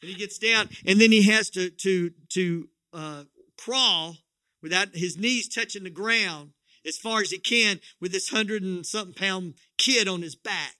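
A man's voice: high voice, measured pace, sharp tone, no echo, studio quality. A middle-aged man preaching a sermon as pastor, telling a story in a folksy, joking way with many restarts.

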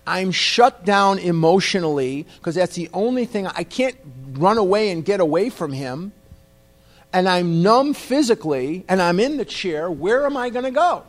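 Man, wry self-deprecating storyteller, slightly higher voice, conversational. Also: animated, a little slow. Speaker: speaker at a recovery meeting. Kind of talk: humorous personal storytelling to an audience.

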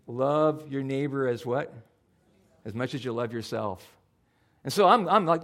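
Male pastor, slightly high voice, chatty sermon delivery that acts out his inner voice. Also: fairly quick, gravelly. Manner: conversational, animated, acts out his own inner voice.

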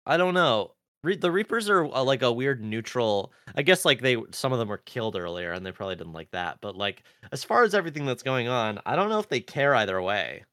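A man's voice: mid-range voice, sing-song, a little fast, hardly any pauses, bright, forceful tone, no echo. Casual male podcast co-host, rambling delivery, dry close mic. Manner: rambling, many fillers and restarts. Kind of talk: casual chat recapping a TV episode.

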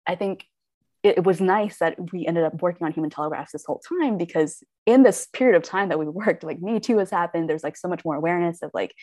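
A woman's voice: fairly low pitch, fast, a little mellow, no echo. A woman actor talking casually in a podcast interview, chatty with many fillers and quoted asides. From United States. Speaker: actor and web series creator.

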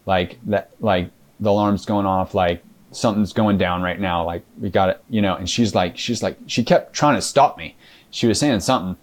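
A man being interviewed, recounting his experience haltingly with many fillers and restarts and acting out past conversations. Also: sits low. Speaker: interview guest. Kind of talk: casual storytelling interview.

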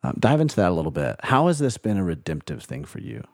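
A man's voice: sits low, very animated, quick pace, creaky, a little mellow, dry recording, clean studio sound. A man hosting a faith podcast, asking long, winding, encouraging questions. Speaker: podcast host.

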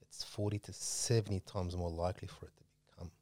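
A man's voice: low voice, flat delivery, brisk, warm tone, dry recording. A man hosting a casual religious talk, emphatic and preachy, pushing up his voice to stress points.

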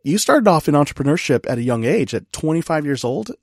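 A man hosting a podcast interview, chatty and quick to laugh at himself in casual conversation. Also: a little high, sing-song, no room sound, clean studio sound. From California. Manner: chatty, laughing, self-deprecating. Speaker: podcast host.

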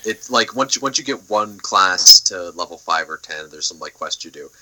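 A man's voice: low voice, expressive, moderate pace, very noisy. A young man chatting casually on a podcast, rambling with lots of fillers and the odd swear word. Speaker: podcast co-host. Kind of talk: casual chat.

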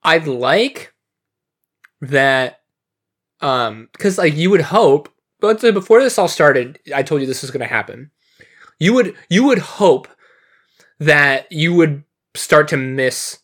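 Male podcast co-host, easygoing and loose, a bit higher-voiced. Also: slow, long pauses. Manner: relaxed, casual, swears. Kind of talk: casual chat.

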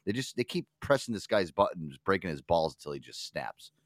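A man's voice: sits low, very animated, fairly quick, dry recording, studio quality. A man hosting a podcast, rambling casually with swearing and frequent laughs. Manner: rambling, profane, laughs easily. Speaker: podcast host. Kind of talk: casual chat.

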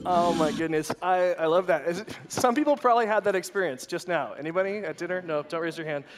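A man giving a sermon as a guest speaker at a worship night, lively and repeating his questions, with frequent restarts. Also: high-pitched, fast, soft background music.

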